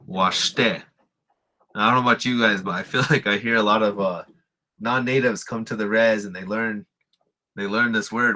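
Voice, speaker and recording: A man from a Lakota community teaching a language lesson in an easygoing, chatty manner. His voice sits a little low but sounds bright and forceful. He pauses on example words and says them slowly. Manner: relaxed, explains with fillers and repeats example words. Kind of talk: casual spoken lesson.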